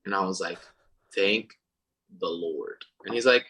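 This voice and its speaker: A man's voice: fairly low pitch, normal speed, husky, low-quality recording. A young man telling a story in casual chat, acting out other people's lines. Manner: animated, acts out quoted voices. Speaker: podcast guest and singer.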